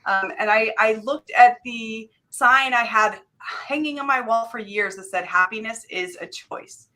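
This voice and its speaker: A woman's voice: a little high, measured pace, bright, forceful tone. A woman guest author speaking earnestly in a casual radio interview, with frequent fillers and light laughs.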